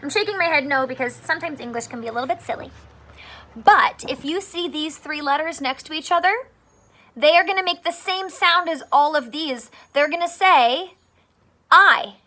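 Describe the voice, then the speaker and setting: A woman teacher giving a phonics lesson to young children, speaking slowly and clearly in a sing-song, playful way. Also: sits high, bright, forceful tone.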